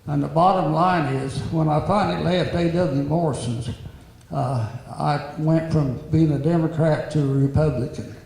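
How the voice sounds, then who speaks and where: A man with a somewhat high, gravelly voice tells a meandering story at an easy pace. The sound is very echoey, with a long hall reverb and a faint hiss behind it. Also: fairly even intonation, moderate pace, darkish tone. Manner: easygoing, meandering talker. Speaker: interviewee, horseman. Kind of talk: casual anecdote telling.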